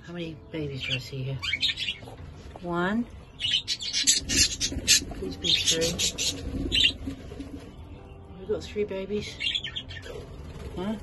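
A woman's voice: deep voice, heavy background noise. A woman who breeds budgies, chatting casually in her aviary and cooing fondly to the birds. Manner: coos affectionately to her birds. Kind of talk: casual vlog narration. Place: outdoor aviary with chirping budgies. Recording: loud bird chatter behind. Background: loud budgie chirping.

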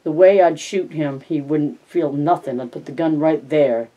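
A man voicing a gruff, blunt ranch hand who talks in coarse, insistent phrases in a read-aloud story. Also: a little high, normal speed, lo-fi sound, close to an everyday voice.

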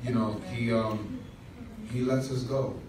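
A man's voice: mid-range voice, level tone, slow pace, crowd noise. Man pastor, humorous storytelling sermon, distant mic, echoey church hall. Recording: echoey room from far off.

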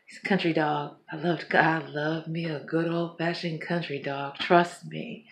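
Middle-aged woman vlogging at home, up all night and tired, rambling, profane, quick to laugh. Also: on the low side. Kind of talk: casual rambling vlog.

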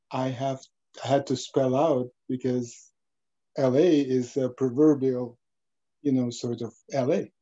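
Very dark-voiced man on a dull video call. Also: medium pitch. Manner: earnest, halting restarts, slow measured recitation. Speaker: poet and translator. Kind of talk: poetry reading with remarks.

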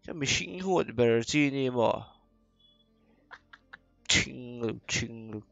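A young man from Northeast India streaming a mobile shooter, chatting with teammates and switching languages, now and then bursting into excited shouting. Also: mid-range voice, slow, vocal fry, soft background music. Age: young adult. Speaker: game streamer. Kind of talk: live gameplay chat with teammates. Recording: noisy stream audio.

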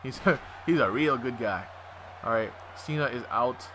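A man giving excited let's-play commentary over a wrestling video game, swearing often and yelling at what happens on screen. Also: mid-range voice, moderate pace, background noise. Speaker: gaming commentator.

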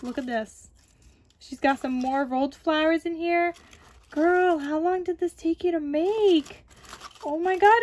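Woman, high voice, crafting vlog host, gushing, exclaims a lot. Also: takes it slowly, darkish tone. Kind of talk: unboxing vlog.

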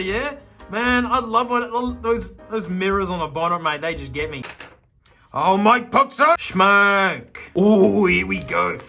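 An excitable Australian man talks casually, laughing often, with a very lively, up-and-down voice. His tone is bright and forceful. There is faint music playing behind him. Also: sits high, gravelly. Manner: laughing, excitable, jokey asides. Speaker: YouTube host. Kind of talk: casual commentary while flipping through an old car magazine.

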